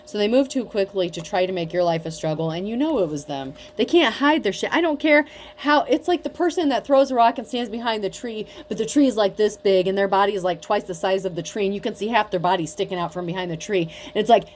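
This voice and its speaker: Over slight background noise, a woman with a mid-range voice gives a casual tarot reading. She's blunt, profane and mocking, swearing a lot as she goes.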